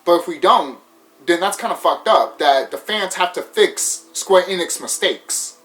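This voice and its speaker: A man's voice: high voice, lively intonation, unhurried, fairly bright tone, faint music behind, rough recording. A man wrapping up a gaming video, rambling casually with hesitations, fillers and restarts. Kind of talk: casual video outro talk.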